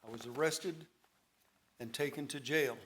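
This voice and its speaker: A man's voice: mid-range voice, measured pace, a bit bright, slight background noise. A man telling his personal testimony at a church service, dramatic storytelling with a voice that rises and falls with emotion. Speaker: church member giving testimony.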